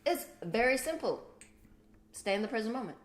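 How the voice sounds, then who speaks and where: A middle-aged woman co-hosting a spiritual livestream in casual chat, emotional and swearing freely, going from soft to loud. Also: a little high, big pitch swings, normal speed. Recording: echoey room.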